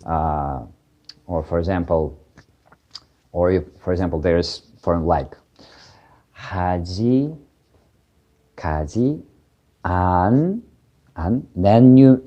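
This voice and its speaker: A man explaining grammar in a casual lesson, hesitating often with fillers and restarts, then rattling off quick example phrases. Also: sits low, lively intonation, dark tone, lo-fi sound. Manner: halting, many fillers and restarts, switching into quick Korean examples. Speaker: Korean language teacher.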